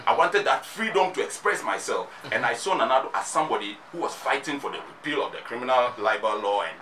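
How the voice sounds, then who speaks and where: Here the same Ghanaian-accented guest, a musician and activist, talks fast in a mid-range voice that's expressive, pushed and bright. His rhetoric is emphatic and he keeps circling back to the same points. It's a radio studio recording, picked up by a far-off mic amid background noise.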